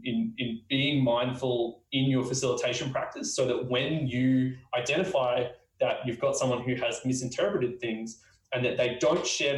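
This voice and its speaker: A man with an Australian accent gives a spoken lesson at a quick pace, full of fillers and restarts. His voice sits in a roomy, echoing space. He sounds a little away from the mic. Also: medium pitch, recorded from a distance. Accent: Australian (Queensland). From Queensland, Australia. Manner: fast talker with many fillers and restarts. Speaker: user research instructor.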